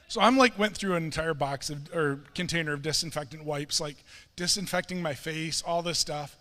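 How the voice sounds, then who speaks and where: A middle-aged man pastor telling a self-mocking story in a sermon, animated and quoting himself and others. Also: on the high side, moderate pace, few pauses. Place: church sanctuary. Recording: long reverb of a church hall.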